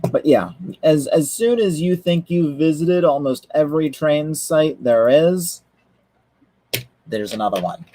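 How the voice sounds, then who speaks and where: A man's voice: fairly high pitch, expressive, unhurried, dark tone, low-quality recording. A man chatting casually on a livestream, rambling with lots of fillers and restarts. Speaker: streamer.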